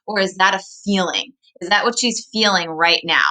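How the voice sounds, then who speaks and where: Bright-voiced woman teaching. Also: mid-range voice, poor audio. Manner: asks questions, slows to stress key words. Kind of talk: reading aloud and explaining a story to children.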